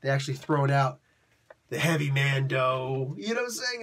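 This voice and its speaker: A man hosting a casual comic book review, talking in an excitable, rambling, slangy way. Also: a little high, moderate pace.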